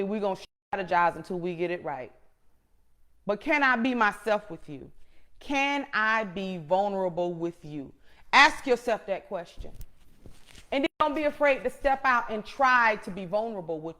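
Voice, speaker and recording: A middle-aged woman hosting a show, giving an impassioned, preacher-like motivational talk that repeats phrases for emphasis and swings between hushed and loud moments. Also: fairly high pitch. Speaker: show host.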